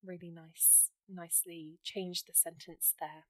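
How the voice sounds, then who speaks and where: A woman's voice: fairly low pitch, level tone, measured pace, a bit bright, no room sound. A woman teaching English writing for an exam, walking through example sentences step by step in an encouraging way. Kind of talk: explaining writing exam grammar.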